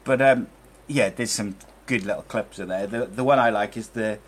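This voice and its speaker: A football podcast host with a fairly low, husky voice speaks at normal speed. His casual chat is loose and rambling, packed with fillers.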